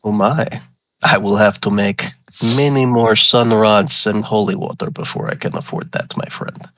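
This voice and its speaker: A man playing a formal adventurer who makes sun rods and holy water, speaking in slow, old-fashioned phrasing. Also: on the low side, a bit bright, no echo, highs cut off.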